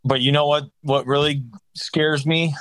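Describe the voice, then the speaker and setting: A man chatting casually on a podcast, excitable and rambling, swearing freely. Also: on the high side, measured pace, clear, resonant tone, no echo. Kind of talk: casual chat.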